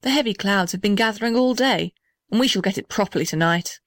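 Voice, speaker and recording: A woman's voice: medium pitch, fast, dry recording, close to an everyday voice. Storybook gum tree, old and serious, dry sound, read by a woman. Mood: grave. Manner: grave, matter-of-fact.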